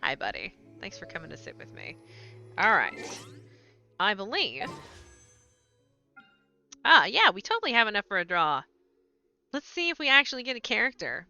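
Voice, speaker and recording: A woman streaming a video game, chatting casually into a desk mic, swearing freely and swinging between low mutters and loud excited yelps. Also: normal speed, gravelly, pauses often, lo-fi sound, soft background music. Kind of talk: casual gameplay stream chat.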